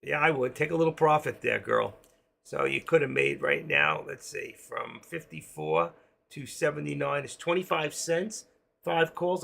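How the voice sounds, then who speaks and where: Gravelly older New York man. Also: a little high, fairly bright tone. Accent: New York, with a trace of Florida. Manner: chatty, jokey, talks to viewers while trading. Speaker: trading live-stream host. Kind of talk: casual live-stream commentary. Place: home.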